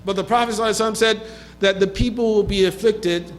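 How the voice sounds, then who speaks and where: Male imam, high and very rapid, mains hum on the track; lecture mixing recited Arabic with English explanation. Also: fairly even intonation, faint music behind, low-quality recording. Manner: reads hadith in Arabic and translates into English, with asides and a quick laugh. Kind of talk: mosque lecture. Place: mosque.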